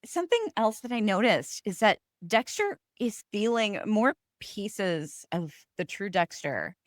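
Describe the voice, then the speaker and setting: A woman co-hosting a casual TV recap podcast, excitable and laughing often. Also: medium pitch, a little slow, no echo, studio quality. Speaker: podcast co-host.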